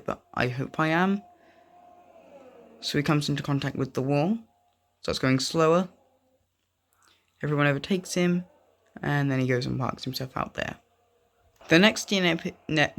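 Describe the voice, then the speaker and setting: A young man, a gaming video creator, narrates racing game clips in a casual, meandering way, frequently getting sidetracked. His voice sits a little high and has a fairly bright tone.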